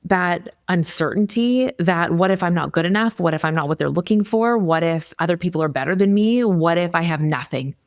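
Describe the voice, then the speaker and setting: A woman with a fairly low voice hosts a podcast and coaches her guest. She speaks in an animated, encouraging way. The sound is close and dry. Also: a little fast, few pauses, no room sound. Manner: warmly encouraging, animated retelling. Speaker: podcast host, admissions coach. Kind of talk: casual interview talk.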